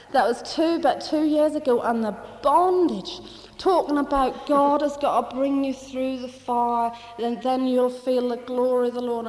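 A woman's voice: high voice, darkish tone. Fervent woman in a reverberant hall. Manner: rambling, fervent, with many restarts. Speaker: testifying church member. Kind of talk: spoken testimony at a church meeting.

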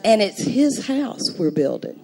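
Slow-speaking woman preacher, older. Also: mid-range voice. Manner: storytelling, animated and emphatic with laughter. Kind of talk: sermon.

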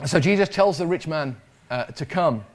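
A man's voice: fairly high pitch, lively intonation, normal speed. A man preaching a sermon in a conversational way, often repeating words and putting questions to the congregation.

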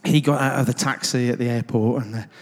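A man's voice: medium pitch, steady tone, a little fast. A man tells anecdotes to a gathered audience in a loose, conversational way, full of ums and self-deprecating asides. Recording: long reverb of a large hall.

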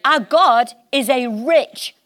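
A woman preaching a sermon in church, impassioned and emphatic, slowing down to stress key words. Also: sits high, a bit bright.

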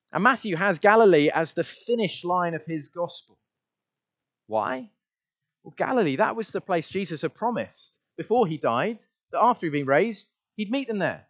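Emphatic preacher man, dull sound. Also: a little high. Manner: emphatic, repeats refrains, varies loudness widely. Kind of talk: sermon.

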